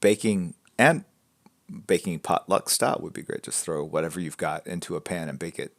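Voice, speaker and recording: A man hosting a live drawing stream, chatting in a relaxed, rambling way and answering viewer questions, often dropping to a soft mutter. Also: very deep voice, fast, gravelly. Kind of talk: casual chat with viewers while drawing.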